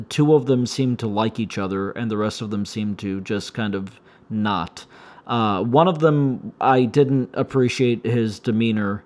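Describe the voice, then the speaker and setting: Slightly hoarse podcast man rambling. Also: medium pitch, darkish tone. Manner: meandering, self-interrupting, wry complaints. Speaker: podcast host. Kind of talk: rambling solo podcast chat.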